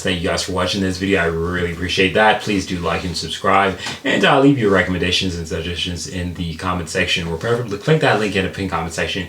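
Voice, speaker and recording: A man's voice: low voice, fairly bright tone, echoey room, slight background noise. An American man hosting a reaction video, chatting casually and enthusiastically. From United States. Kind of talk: casual chat.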